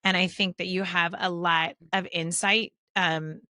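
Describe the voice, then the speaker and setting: A woman hosting a podcast in casual chat, talking in a chatty, giggly way with quick restarts. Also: fairly low pitch, level tone, bright, forceful tone, dry recording, clean studio sound. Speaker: podcast host.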